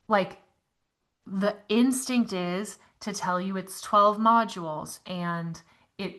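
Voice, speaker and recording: Woman, bright tone, chatty, encouraging, live online class, video call mic. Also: mid-range voice. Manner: chatty, encouraging, reads chat comments aloud. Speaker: yoga teacher leading an online class.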